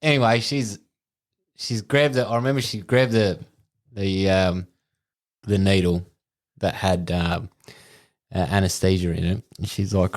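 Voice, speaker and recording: A man's voice: low voice, fairly even intonation, a little slow. Laughing, crude Australian man. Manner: crude, laughing through a story. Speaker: podcast co-host. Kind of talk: casual storytelling.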